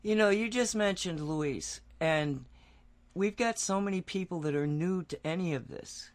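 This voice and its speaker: A woman's voice: lowish voice, measured pace. A woman hosting a spiritual radio show, chatty and self-deprecating, asking her guest open questions. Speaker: radio host. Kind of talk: casual interview chat.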